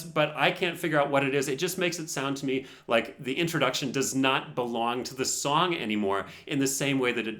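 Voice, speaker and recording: A man's voice: a little high, fairly bright tone. A man teaching piano while reacting to a performance, analytical and frankly opinionated, humming melodies to make his points. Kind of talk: explanatory reaction commentary.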